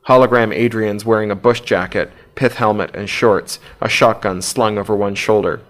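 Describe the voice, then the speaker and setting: A man's voice: fairly low pitch, fairly even intonation, moderate pace, hardly any pauses. Man narrating an audiobook steadily. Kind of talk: scripted narration.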